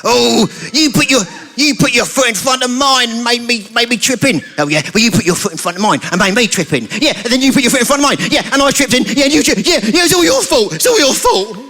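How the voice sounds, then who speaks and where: A man's voice: very high-pitched, expressive, fast, few pauses, sharp tone, voice pushed up, exaggerated voice. A man with a British accent voicing squabbling cartoon eggs who blame each other in childish, whiny tones. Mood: whiny bickering. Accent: British English.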